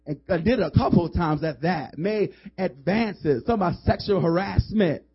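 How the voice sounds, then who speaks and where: A man's voice: high voice, normal speed, slightly rough. A male pastor preaching a sermon in a church, urging the congregation with emphatic calls and slipping into casual, joking asides. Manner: emphatic, call-and-response urging. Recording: dull lo-fi sermon audio.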